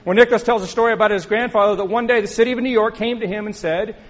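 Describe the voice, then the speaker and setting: A middle-aged male pastor with a husky, fairly high voice. He preaches in a relaxed, conversational way. He often stops to put questions to his listeners. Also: rapid-fire, poor audio. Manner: conversational storytelling with questions to the congregation. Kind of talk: sermon.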